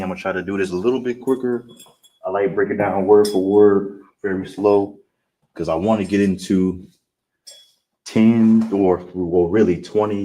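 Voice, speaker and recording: A man teaching an online language class. He repeats words slowly, breaks them down letter by letter, and keeps asking "you understand?". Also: on the low side, dark tone, distant mic. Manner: repetitive, checks in with "you understand?". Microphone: streaming setup.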